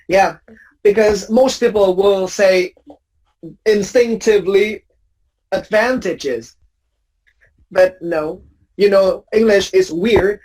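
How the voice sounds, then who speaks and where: A woman's voice: mid-range voice, a little mellow, low-quality recording. A woman teaching English pronunciation in a class drill, patiently correcting students and repeating each word as a model.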